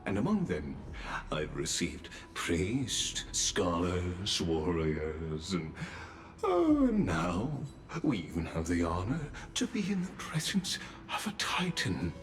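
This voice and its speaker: An actor playing a courtly, theatrical palace greeter in a video game, speaking in an ornate, drawn-out way. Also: male voice, wildly swooping pitch, faint music behind, heavily acted. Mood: ceremonious. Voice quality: deep, ornate, drawn-out delivery. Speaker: game character greeting visitors.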